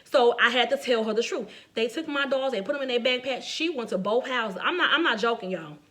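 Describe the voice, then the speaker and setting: A middle-aged woman giving a faith-based talk, telling personal stories in a conversational, animated way, often laughing and speaking straight to her listeners. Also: fairly high pitch, a little fast.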